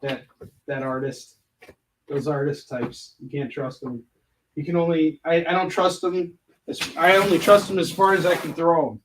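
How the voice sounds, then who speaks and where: A man with a slightly higher voice rambles through a casual livestream as he sorts his stock indoors. He jokes and drifts between asides to his viewers. His voice sits back from the mic, with a faint hiss underneath. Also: steady tone, normal speed, fairly bright tone, far from the mic. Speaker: comic artist livestreaming convention prep. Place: indoor prep room where he packs books.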